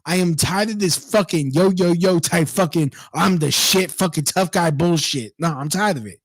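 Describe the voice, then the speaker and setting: A man's voice: fairly high pitch, normal speed, no room sound. A man reading a news story aloud and ranting about it, profane and indignant, breaking off to mock the people in it. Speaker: online commentator.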